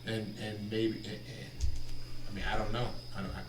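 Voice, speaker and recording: Mellow man, distant roomy mic. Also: fairly low pitch. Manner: calm, mellow, late-night radio delivery; reflective, halting with restarts. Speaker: podcast host. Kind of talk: casual chat. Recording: roomy, distant mic with noticeable background noise.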